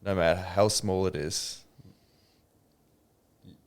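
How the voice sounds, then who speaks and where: A man hosts a podcast interview in a relaxed, casual way. His voice sits low, and he swears now and then as he shares his own reflections. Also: takes it slowly. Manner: relaxed, frequent short affirmations, casual swearing. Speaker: podcast host. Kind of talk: conversational interview.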